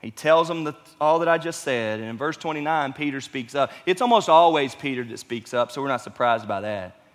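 Pastor preaching in a reverberant hall. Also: male voice, medium pitch, expressive, brisk. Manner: conversational, emphatic preaching with rhetorical questions. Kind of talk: sermon.

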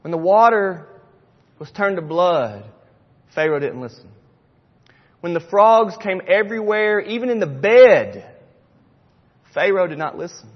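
A man's voice: sits high, lively intonation, a little slow, pauses often. A middle-aged man preaching a sermon in a church, emphatic and repetitive, acting out the people he quotes. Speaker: pastor. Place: church sanctuary. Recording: dull sound with long hall reverb.

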